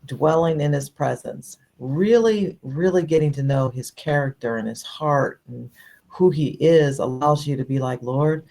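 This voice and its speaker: Very low gravelly woman musing. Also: a little slow, warm tone. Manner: thoughtful, musing, many fillers. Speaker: podcast co-host. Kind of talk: casual faith discussion.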